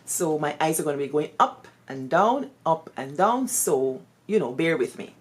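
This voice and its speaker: A Guyanese woman, once a schoolteacher, tells her stories in a fairly low voice that rises and falls with great animation. Her English slips into Creole expressions as she goes. The delivery is expressive and full of personality. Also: normal speed, slight background noise. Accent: Guyanese Creole-tinged English. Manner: expressive, lively, peppered with Creole phrases. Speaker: storyteller and former teacher.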